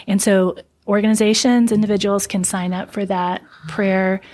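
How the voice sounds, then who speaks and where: A woman's voice: mid-range voice, level tone, darkish tone. Earnest woman trauma counselor. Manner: earnest, slows down to stress points. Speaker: trauma counselor and center founder. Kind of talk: casual podcast interview.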